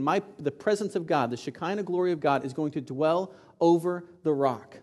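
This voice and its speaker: Guy preaching a sermon, kinda high voice, trips over words then gets loud. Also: moderate pace, few pauses. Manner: repeats words, restarts often, builds to loud peaks. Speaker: pastor.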